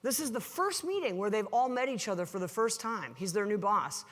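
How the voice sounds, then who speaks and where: A woman's voice: medium pitch, lively intonation, a little fast, fairly bright tone. A woman giving a live keynote talk to an audience, telling stories animatedly and acting out the dialogue. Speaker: keynote speaker. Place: large hall before an audience. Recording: long hall reverb.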